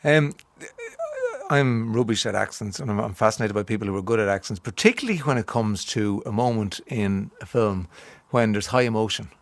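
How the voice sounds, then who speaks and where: A man's voice: fairly low pitch, fairly quick, no echo. A middle-aged Irish man hosting a radio interview, asking curious, chatty questions. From Ireland. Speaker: radio show host.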